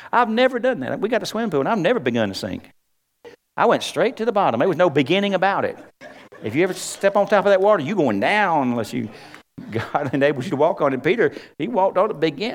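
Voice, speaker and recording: Animated preacher man, folksy. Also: sits high. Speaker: pastor. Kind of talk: sermon.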